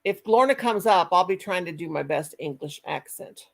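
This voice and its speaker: A woman's voice: fairly low pitch, animated, moderate pace, gravelly. A woman hosting a casual livestream chat, folksy and talkative, laughing often and reading out viewer comments. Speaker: livestream host.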